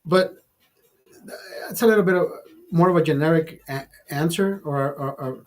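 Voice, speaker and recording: A man's voice: fairly high pitch, moderate pace. A man telling a raunchy story in a casual monologue, profane and rambling, often restarting his sentences and amused by himself. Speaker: vlogger.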